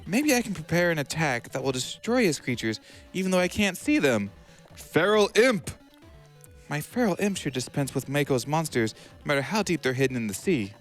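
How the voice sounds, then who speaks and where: A man's voice: a little high, very animated, fairly quick, soft background music. A man doing an earnest teen duelist. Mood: determined. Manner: dramatic exclamations. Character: earnest teenage boy duelist.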